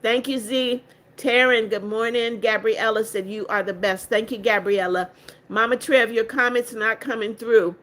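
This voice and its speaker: A woman's voice: on the high side, steady tone, normal speed, a bit bright. An older woman hosting a casual livestream, reading viewer comments aloud one by one and answering each with motherly greetings and blessings, firm with rude viewers. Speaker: livestream host.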